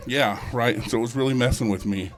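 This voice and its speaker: A man's voice: medium pitch, a little fast. A man working a live stand-up set in an ordinary mid-range voice. His delivery is loose and rambling, full of crude jokes and jabs at the crowd. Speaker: stand-up comedian. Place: live comedy show with audience.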